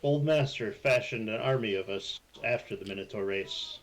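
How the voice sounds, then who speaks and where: A man's voice: on the low side, natural voice, rough recording. A man playing a hesitant minotaur adventurer. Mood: polite. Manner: hesitant, many pauses and fillers. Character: earnest male minotaur-like construct adventurer. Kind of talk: live-streamed tabletop role-play.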